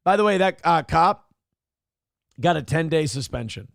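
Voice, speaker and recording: Gravelly, crude male show host. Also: fairly high pitch, lively intonation, normal speed, no room sound, studio quality. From Minnesota, USA. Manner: crude, irreverent, rambling. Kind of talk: casual commentary reading live chat.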